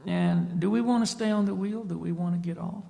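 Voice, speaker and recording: A man's voice: sits high, steady tone, brisk, creaky, mellow, in a large hall. A man, a spiritual teacher, telling a story in a lecture to an audience and often checking in with a questioning "see?". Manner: tags points with a questioning "see?".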